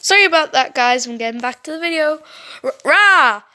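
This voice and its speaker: A woman's voice: high voice, fast talker, pushed and bright. A young woman reading a story game aloud, often stumbling over words and correcting herself. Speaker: gameplay video host.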